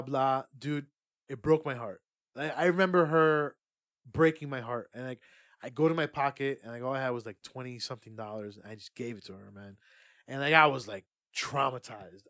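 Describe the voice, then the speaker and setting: A man in his early thirties telling a story in a casual podcast chat, swearing and acting out the people he quotes. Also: fairly high pitch. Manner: animated, swears, acts out quotes. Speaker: podcast co-host.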